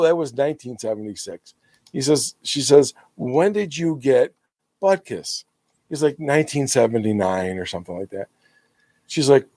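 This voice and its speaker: A man co-hosting a casual podcast, telling stories with animated, laughing energy. His voice sits in the middle of the male range and is recorded dry and close on a podcast mic. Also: mid-range voice, no room sound. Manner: animated storyteller who laughs while retelling. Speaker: podcast co-host. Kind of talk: casual chat. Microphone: podcast microphone.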